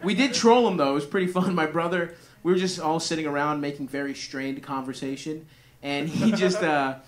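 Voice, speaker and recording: Rambling sarcastic young comic. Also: male voice, fairly high pitch, brisk. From Greek family. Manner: rambling, sarcastic, self-deprecating, lots of swearing. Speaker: stand-up comedian. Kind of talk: stand-up set with crowd work. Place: comedy club in front of live audience. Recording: live comedy club audience.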